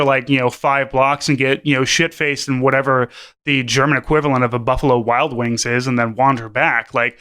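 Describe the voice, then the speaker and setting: A podcast co-host chats casually in a mid-range, sharp-toned voice. He rambles and swears, his speech packed with fillers and restarts.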